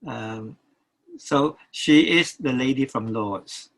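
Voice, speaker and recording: A man's voice: mid-range voice, vocal fry, a bit bright, poor audio. An older man, a record producer, talking as an interview guest, stopping and restarting his sentences often. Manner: halting, many restarts and repeated words.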